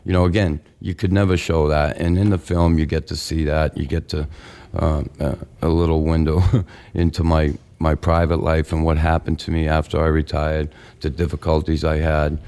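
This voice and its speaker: A middle-aged man with a Boston accent, a guest on a radio show, speaking haltingly and reflectively with many fillers. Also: a bass voice, little pitch movement, a little mellow. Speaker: guest, former hockey enforcer. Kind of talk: radio interview.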